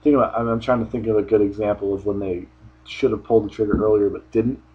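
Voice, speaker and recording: A man's voice: on the low side, steady tone, quick pace, breathy edge, highs cut off. A man giving a casual solo review of a wrestling show, rambling offhand with frequent restarts.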